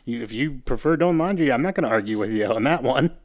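A man's voice: mid-range voice, lively intonation, fast. A man co-hosting a podcast, chatting casually and laughing often as he recaps scenes from a TV comedy. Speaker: podcast co-host. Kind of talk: casual chat.

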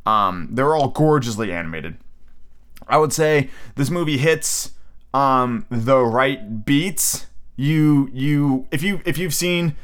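A man's voice: medium pitch, slow, a bit bright. A man hosting a solo podcast in a casual, rambling way, with lots of fillers and restarts. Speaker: podcast host.

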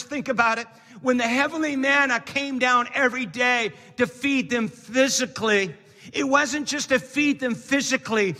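A man delivers a sermon to his congregation. His voice sits very high and rings bright as he climbs into shouted emphasis. The sound carries a long reverb from a large church hall. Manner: preaching with rising, shouted emphasis. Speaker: pastor.

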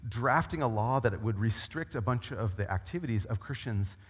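A man delivers a sermon at a middle pitch, conversational and animated as he tells stories. His voice carries a long reverb, as if recorded in a large church hall. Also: fairly quick, breathy edge. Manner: conversational, animated storytelling preacher. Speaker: pastor.

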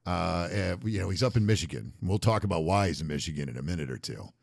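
A middle-aged man co-hosting a political talk podcast, joking and animated, slipping into mock voices. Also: sits low, quick pace, vocal fry, dry recording, clean studio sound. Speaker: podcast co-host. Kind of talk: casual political talk show banter.

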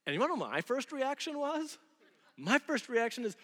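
A man in his thirties preaching a sermon in a church, telling lively stories and acting out the voices of the people in them. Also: extremely high pitch, brisk. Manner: animated storytelling, acting out quoted voices. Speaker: pastor. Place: church sanctuary. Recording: long hall reverb.

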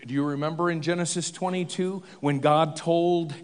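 A man's voice: a little high, fairly even intonation, moderate pace, smooth, big-room sound. A man preaching a sermon, retelling a story with humor in a conversational way. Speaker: pastor.

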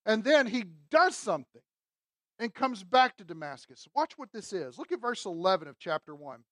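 A woman's voice: medium pitch, big pitch swings, moderate pace, a bit bright, dry recording. Woman preaching, punchy and chatty, keeps asking the crowd questions, dry close sound. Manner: emphatic, conversational, asks the audience rhetorical questions. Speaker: Bible teacher. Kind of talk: expository sermon.

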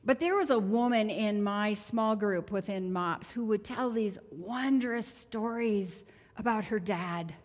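A woman's voice: mid-range voice, unhurried. A woman in her sixties giving a heartfelt, conversational testimony sermon as a prayer minister in a church sanctuary. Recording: long church hall reverb.

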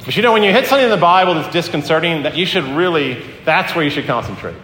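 A man's voice: fairly high pitch, animated, fast talker, sharp tone, a little hiss or hum. A male pastor giving a sermon in an earnest, conversational way, often restarting his sentences. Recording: echoey hall with faint ambience.

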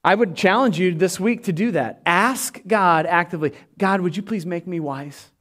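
A male pastor preaching a sermon with emphatic delivery that drops to soft, prayerful tones. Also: high voice, normal speed.

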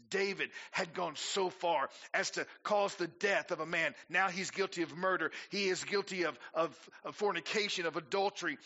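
Male pastor, bright voice a little high, sermon with emphatic rises and rhetorical questions, dull recording. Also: moderate pace, few pauses. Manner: preaching with rising emphasis, rhetorical questions to the congregation.

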